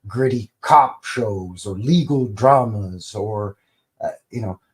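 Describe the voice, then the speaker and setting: A man's voice: lowish voice, takes it slowly. A middle-aged man from Canada hosting a live stream, chatting casually in a rambling, folksy way. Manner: rambling and folksy, many fillers and restarts.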